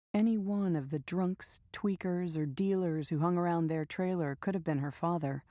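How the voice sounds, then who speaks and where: Woman audiobook narrator, low mellow voice, steady measured delivery. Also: no echo, studio quality.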